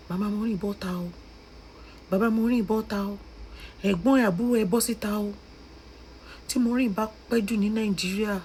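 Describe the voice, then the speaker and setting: Brief: young Nigerian Yoruba-accented woman, passionate commentator, mid pitch, faint hiss behind. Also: normal speed, long pauses, a little mellow, rough recording. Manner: impassioned, switching between pleading and scolding. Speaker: social media commentator. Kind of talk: emotional vlog commentary.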